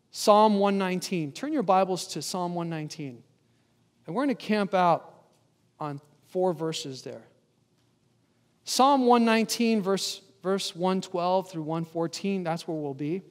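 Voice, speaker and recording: A man preaching with a high, bright voice that carries through a reverberant church hall. He keeps turning to the congregation with questions and calls for their answers, then reads scripture aloud. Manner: engaging, asks the congregation questions. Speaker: guest pastor. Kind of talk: sermon. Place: church sanctuary.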